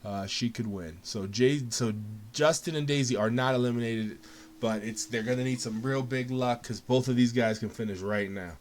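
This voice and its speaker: A man hosting a casual live game show, calling results in an excited, jokey way and laughing often. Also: mid-range voice, normal speed, slight background noise. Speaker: host.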